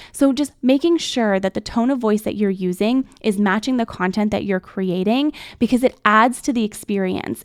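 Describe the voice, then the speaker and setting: A middle-aged woman hosting an instructional podcast, coaching listeners in an expressive, clearly enunciated way. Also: medium pitch, dry recording, studio quality. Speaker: podcast host and production coach.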